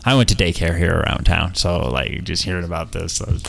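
A man's voice: low voice, brisk, vocal fry, a bit bright. A young man co-hosting a podcast, joking and swearing freely in casual chat. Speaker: podcast co-host.

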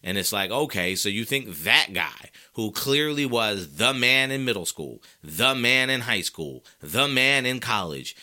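Man, sports talk host, ranting, fired up, lively pitch swings, forceful tone. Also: measured pace, few pauses. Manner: emphatic repetition. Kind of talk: opinionated sports commentary.

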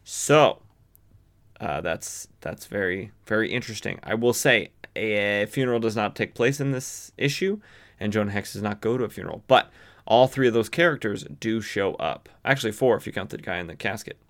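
A man's voice: lowish voice, moderate pace, fairly bright tone. A man from the western United States hosting a podcast, casually recapping a comic book with lots of fillers and self-corrections. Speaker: podcast host.

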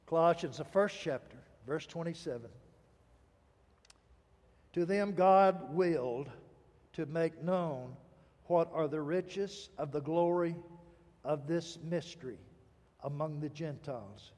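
Male pastor, high voice, storytelling sermon, dramatic pauses, reverberant hall sound. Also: darkish tone.

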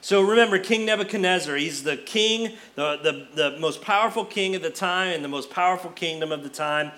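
A man preaching a sermon as pastor, retelling a story with lively acted-out dialogue. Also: high-pitched, a little fast. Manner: animated storyteller, acts out quoted characters.

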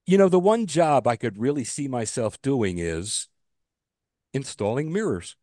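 A man's voice: mid-range voice, big pitch swings, measured pace, mellow, no room sound, studio quality. A man co-hosting a casual podcast, ranting about a pet peeve, swearing freely and restarting his sentences. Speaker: podcast co-host.

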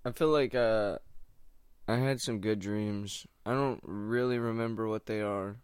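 A man's voice: fairly low pitch, steady tone, a little slow, smooth, dry recording, studio quality. A young man rambling casually at home in a laid-back, meandering, slangy way. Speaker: stand-up comic doing open mics.

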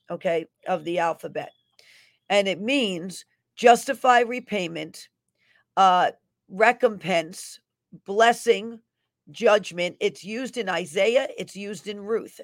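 A woman's voice: mid-range voice, dry recording. Declamatory woman preacher, dry close sound. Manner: declamatory, voice swelling on divine declarations then dropping for asides; reads scripture aloud with emphatic cadence. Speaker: prophetic minister. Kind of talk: delivering and explaining a prophetic word.

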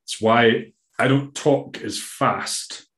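A man's voice: mid-range voice, slow, fairly bright tone, reverberant. A Scottish man, a bodybuilding coach, talking in a rambling, emphatic way in a casual podcast interview, now and then swearing. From Scotland.

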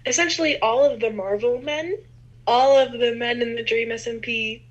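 A woman's voice: fairly high pitch, normal speed, slightly rough, dull audio. A young woman co-hosting a casual podcast, laid-back and agreeable, often trailing off. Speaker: podcast co-host. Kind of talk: casual chat.

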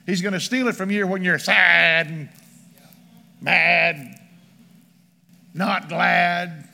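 A man's voice: high voice, fairly even intonation, slow pace, gravelly, sharp tone. A man preaching a sermon as pastor, emphatic and rhythmic, reading scripture aloud. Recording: long church hall reverb.

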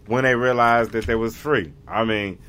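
An American vlogger talks in a mid-range voice at a moderate pace, his tone fairly bright, clear and resonant. His casual monologue rambles, and he keeps restarting as he gropes for the right word.

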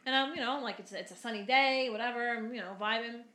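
A woman's voice: fairly high pitch, fast, pushed and bright, reverberant. A woman, cohosting a casual chat and telling stories that act out what people said, swearing freely. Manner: swears freely, acts out quotes. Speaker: podcast co-host.

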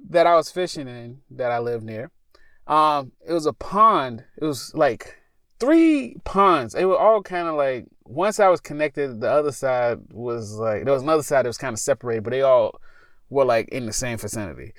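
A man's voice: medium pitch, animated, normal speed, fairly bright tone, dry recording, studio quality. A young man telling a spooky personal story as a podcast host, talking casually in a parked car. He rambles and stops to correct himself.

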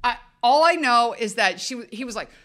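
A woman co-hosting a podcast, telling a story in a casual, animated way with lots of laughter. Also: a little high, brisk. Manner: animated, laughing, acts out quotes. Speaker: podcast co-host.

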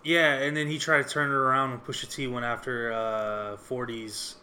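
A man's voice: mid-range voice, little pitch movement, normal speed, bright, forceful tone, slight background noise. A man in casual chat about rap music, laid-back, often giving short agreeing replies.

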